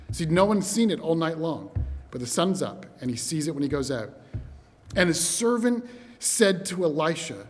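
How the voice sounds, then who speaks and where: Male preacher, fairly high voice, animated storyteller, long reverb of a hall. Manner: animated storyteller, addresses brothers and sisters. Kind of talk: sermon. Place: church hall.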